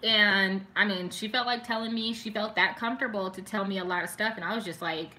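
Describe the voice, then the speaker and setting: A woman's voice: mid-range voice, steady tone, brisk, sharp tone. A young woman chatting live with her viewers, talking emotionally and full of "like," stopping now and then to read their comments. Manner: chatty and emotional, heavy use of "like", reads viewer comments aloud. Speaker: beauty vlogger doing a live stream. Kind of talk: casual chat with live viewers.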